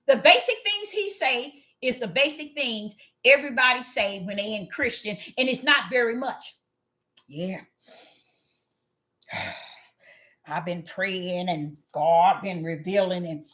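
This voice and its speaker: A woman giving an emphatic religious commentary to her viewers. She repeats phrases for emphasis and swings between loud exclamations and low, muttered asides. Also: lively intonation, normal speed. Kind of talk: preachy commentary monologue.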